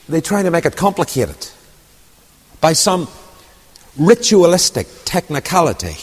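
A man with a lilt preaching a storytelling sermon, dropping to quiet asides and rising to loud, ringing declamation. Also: a little high, very animated, normal speed, slightly rough. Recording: long hall reverb.

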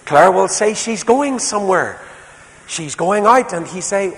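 A man preaching a sermon as a storyteller, moving between soft, quiet passages and loud, emphatic ones. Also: high-pitched, lively intonation, a little slow. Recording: reverberant hall, faint background noise.

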